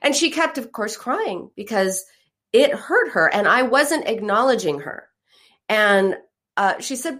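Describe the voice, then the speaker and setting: A woman's voice: fairly high pitch, lively intonation, measured pace, a bit bright. A middle-aged woman therapist talking through feelings in a counseling conversation, explaining with stories and acting out the voices she quotes.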